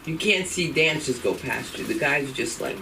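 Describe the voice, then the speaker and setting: A middle-aged woman hosts a comedy open mic with a lively, swooping delivery, chatting with the room and jumping into quick character voices. She is heard from a distance on the mic, with clear noise around her in the club. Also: sits low. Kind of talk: stand-up comedy hosting.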